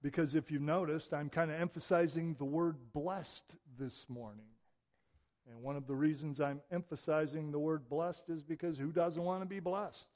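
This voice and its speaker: A man's voice: a little high, fairly even intonation, moderate pace, darkish tone. A middle-aged man preacher giving a conversational sermon, mixing wry humor into his lesson.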